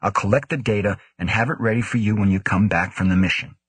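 Man doing a calm, earnest young researcher. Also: on the low side, quick pace, breathy edge, no room sound. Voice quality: calm, reasonable.

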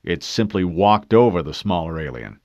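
Guy doing a stiff formal soldier, low voice, very by the book. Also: animated, moderate pace, a little mellow, no room sound. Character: disciplined male super-soldier, stiff and formal. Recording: dull dry studio read.

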